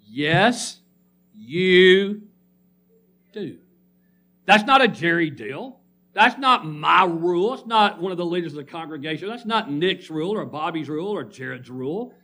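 A man's voice: fairly high pitch, sharp tone. Emphatic preacher man. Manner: emphatic call-and-response preaching. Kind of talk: sermon. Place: church congregation.

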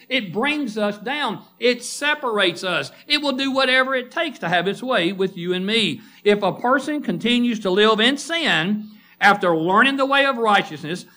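Forceful high-voiced male preacher. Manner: emphatic, quizzes the congregation with questions; calls out listeners by name. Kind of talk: sermon.

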